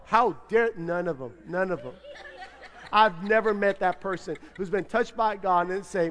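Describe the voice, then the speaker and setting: A man preaching from the pulpit with a striking, very high voice. He keeps the congregation laughing, playfully acting out people's excuses in a lively, humorous sermon. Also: normal speed. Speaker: pastor. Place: church sanctuary.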